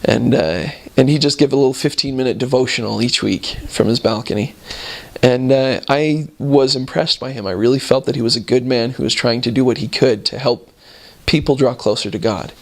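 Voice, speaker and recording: A man, a returned missionary, telling casual stories about his mission in a relaxed, rambling way with frequent chuckles. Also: medium pitch, a little fast, vocal fry.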